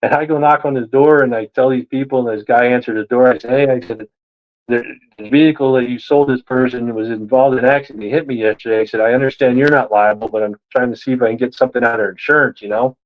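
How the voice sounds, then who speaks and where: A man telling a story in a casual interview, animated and acting out the voices of the people he quotes. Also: medium pitch, quick pace, highs cut off. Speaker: guest.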